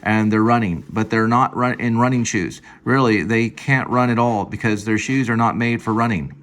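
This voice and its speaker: A man casually reading his own screenplay aloud at home, halting and stopping to fix lines. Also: fairly low pitch, a bit bright. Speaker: screenplay reader. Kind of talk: casual screenplay read-through.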